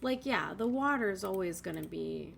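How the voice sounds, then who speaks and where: A woman's voice: mid-range voice, expressive, normal speed, creaky, a bit bright, slight background noise. A woman giving casual gameplay commentary, chatty and thinking aloud, with sudden exasperated outbursts. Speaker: let's play gamer.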